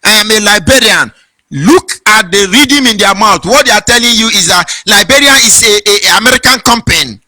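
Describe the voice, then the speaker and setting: A man's voice: high-pitched, expressive, brisk, hardly any pauses, sharp tone, no room sound, soft background music. A man from southeastern Nigeria with a Nigerian accent, giving a fervent political monologue as host in a sing-song preaching cadence. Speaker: online broadcast host.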